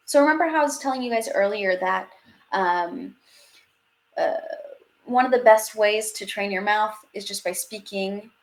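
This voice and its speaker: A woman's voice: mid-range voice, normal speed. A woman teaching a live online French class, chatty and upbeat, reading out viewer questions as she goes.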